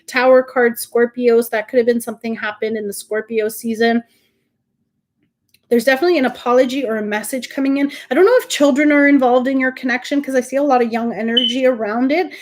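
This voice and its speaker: A woman's voice: a little high, fairly even intonation, fairly quick. A woman giving a live tarot reading, reassuring and emotional, calling viewers honey and sweetheart, often stopping and restarting her sentences. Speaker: tarot reader and livestream host.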